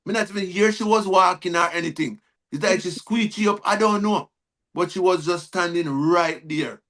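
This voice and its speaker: Man, Jamaican accent, high-pitched, interview guest, personal storytelling, repeats and restarts words, Patois phrasing. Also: normal speed, bright, forceful tone. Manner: repetitive, restarts words, acts out quoted dialogue in Jamaican Patois. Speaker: guest, reggae artist. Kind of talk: personal life story told in conversation.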